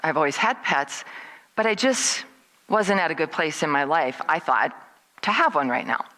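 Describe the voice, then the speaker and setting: Speaking at a moderate pace, a middle-aged woman tells a lively personal story at a service. She voices what others said with large leaps in pitch, captured on a low-quality recording.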